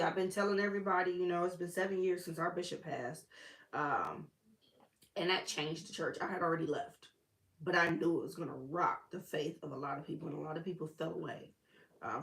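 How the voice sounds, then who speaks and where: A woman's voice: on the low side, fairly quick, a bit bright, roomy sound. A woman preacher, teaching the Bible in a casual, chatty way with sassy asides.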